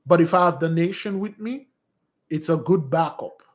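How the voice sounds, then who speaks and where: A man's voice: a little high, moderate pace. Exhorting man preaching casually to followers. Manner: exhorting, calls listeners beloved. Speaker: spiritual fasting leader.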